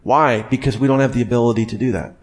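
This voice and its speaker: A man's voice: medium pitch, quick pace. A young man preaching a casual, conversational sermon, often acting out imagined inner voices and asking the listeners questions.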